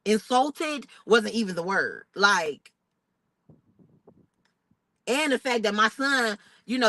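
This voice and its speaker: Young black-woman doing storytime, bright voice, real dry close sound, gets loud and animated. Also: medium pitch, dry recording, poor audio. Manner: animated, expressive retelling with outraged quoted asides. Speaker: vlogger. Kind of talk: casual storytime vlog.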